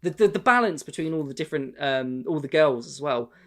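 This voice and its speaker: A man's voice: a little high, animated, fairly quick. A man co-hosting a podcast, chatting casually, rambling with many restarts and swearing freely. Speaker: podcast co-host. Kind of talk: casual chat.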